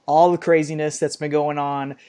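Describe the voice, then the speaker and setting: A man co-hosting a podcast in casual chat, opinionated and quick to laugh. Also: fairly high pitch, level tone, mellow, clean tone. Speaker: podcast co-host.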